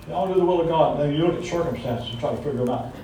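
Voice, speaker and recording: A man's voice: very fast, mellow. A man with a Southern US accent preaching a conversational sermon, folksy and emphatic, with joking asides. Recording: echoey hall from far off with faint rumble.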